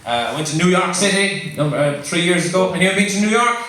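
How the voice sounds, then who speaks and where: A man's voice: high voice, expressive, fast. A man doing a rambling, self-mocking stand-up set while tipsy, laughing at his own jokes. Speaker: stand-up comedian. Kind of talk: stand-up routine. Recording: echoey live room, mic far off, noisy.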